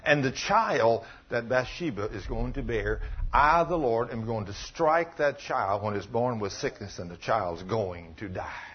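A man preaching a sermon, retelling a story, dropping to low murmurs and rising to loud exclamations. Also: expressive, measured pace, breathy edge. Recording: dull lo-fi recording.

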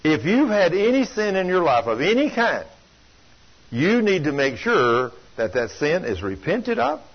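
An older man preaching a sermon, telling folksy stories that swing from loud to hushed. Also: high-pitched, big pitch swings, a little slow, husky. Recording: dull lo-fi sound.

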